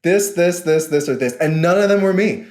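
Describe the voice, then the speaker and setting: A man's voice: high voice, lively intonation, normal speed, darkish tone, reverberant. A young man, a podcast guest telling stories in a casual, amused way with frequent laughs. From Queens, New York. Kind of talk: casual interview chat.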